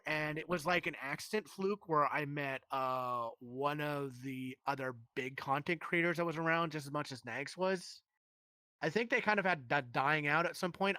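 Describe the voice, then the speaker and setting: A man's voice: on the high side, sharp tone, clean tone, dry recording. A man who streams, telling a rambling, heated story in casual live-stream chat with many restarts.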